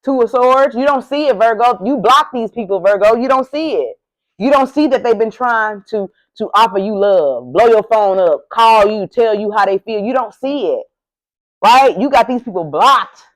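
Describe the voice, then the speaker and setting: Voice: medium pitch, expressive, moderate pace, rough recording. An adult tarot reader doing a casual reading to camera, speaking bluntly and emphatically with lots of profanity and a heated, ranting delivery.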